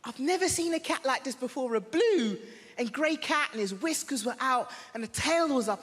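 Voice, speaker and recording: A man tells animated stand-up stories, swinging his voice high and low as he acts out each character. His voice is fairly high for a man. He is recorded live in a theatre, with a long reverb and loud crowd noise behind him. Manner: animated, acting out characters in the story. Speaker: stand-up comedian. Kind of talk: stand-up comedy set. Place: large theatre stage.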